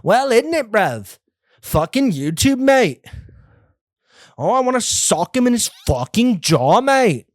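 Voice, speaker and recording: Man voicing a belligerent British lad in a mock British accent, high-pitched and boastful, dry mic. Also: very animated, slow, no room sound, heavily acted. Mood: aggressive mocking. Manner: brash, boastful, ends lines with "mate". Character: crude, belligerent British bloke.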